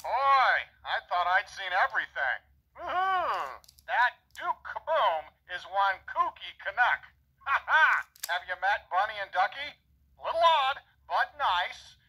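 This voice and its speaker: A man's voice: high voice, sing-song, unhurried, bright, forceful tone, slightly rough, full character voice, poor audio. A man voicing a jolly cartoon cowboy toy in short voice box phrases, chipper and chuckling in a cowboy drawl.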